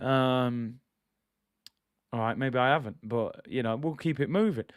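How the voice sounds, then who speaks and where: A man hosting a live football watch-along, reacting loudly to play and reading out viewer comments. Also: unhurried, clean tone, no room sound, clean studio sound. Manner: excitable, trailing off with a low "people"; reads out chat comments between play calls.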